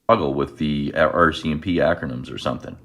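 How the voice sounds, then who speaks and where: A man with a very low voice arguing point by point in a played video. He lays out his case in a steady, argumentative way, counting off his points one after another. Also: a little fast.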